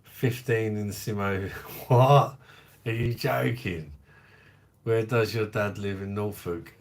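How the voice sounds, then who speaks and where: A man with a fairly low voice hosts a relaxed livestream. He talks at an unhurried, easy pace, joking around and greeting viewers by name as he reads their comments aloud. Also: gravelly. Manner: jokey and chatty, laughs often, greets viewers. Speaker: livestream host of a beer review channel. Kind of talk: casual livestream chat, reading viewer comments.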